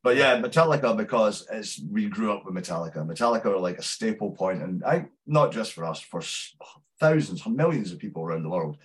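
A man's voice: fairly low pitch, lively intonation, a little fast. A Scottish man, a metal musician, chatting casually in a podcast interview, swearing freely and laughing often. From Scotland. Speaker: musician guest.

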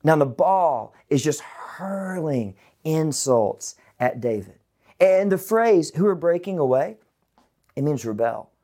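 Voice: medium pitch, animated, slow pace, mellow. Chatty, casual Bible teacher. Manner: casual, chatty, with asides to viewers. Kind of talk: conversational online Bible lesson.

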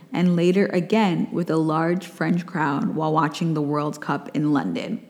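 A woman from the United States hosts her podcast and reads her own essay aloud. Her voice sits a little low, and she stays reflective with wry asides. A long reverb trails each phrase. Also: a little mellow. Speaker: podcast host.

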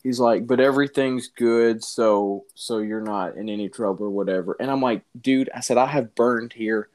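A man telling a funny personal story in casual chat, animated and often laughing, calling the listener dude. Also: mid-range voice, moderate pace.

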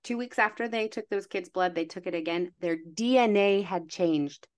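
A young adult woman, a wellness coach, talking casually on a podcast, animated and full of fillers, acting out little inner voices. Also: lowish voice, normal speed.

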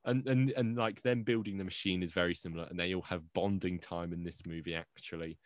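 A man's voice: low-pitched, fairly even intonation, a little fast, no room sound. A man co-hosting a movie podcast in casual, rambling, jokey chat, often interrupting himself. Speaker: podcast co-host.

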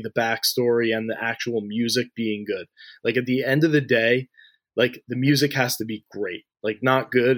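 A man's voice: medium pitch, dry recording. A man in his thirties giving long, loose interview answers, full of "you know" and "like" and frequent restarts. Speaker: interview guest, music industry figure.

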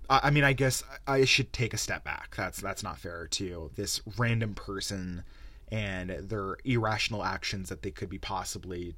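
A man's voice: lowish voice, sharp tone, no echo. A man hosting a solo gaming podcast, ranting heatedly and swearing a lot into a close mic. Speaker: podcast host.

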